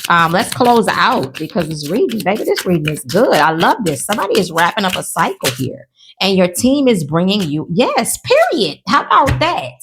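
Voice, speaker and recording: A woman's voice: lowish voice, a little fast, slight background noise. A woman from New Orleans giving a casual tarot reading at home to her viewers. She is chatty and encouraging, often tags her lines with "okay?" or "right?", and laughs often. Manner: animated, with frequent laughter. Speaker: tarot reader.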